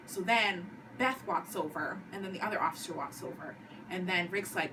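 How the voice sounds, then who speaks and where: A woman's voice: mid-range voice, brisk, far from the mic, background noise. A woman vlogger giving a dramatic casual recap of a TV episode, acting out the characters' lines. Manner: dramatic storyteller who acts out lines. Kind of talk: animated casual recap with acted quotes.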